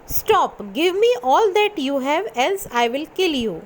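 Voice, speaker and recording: A woman's voice: sits high, animated, measured pace. A woman reading the lines of a desperate, threatening male robber in a storybook tale for a class.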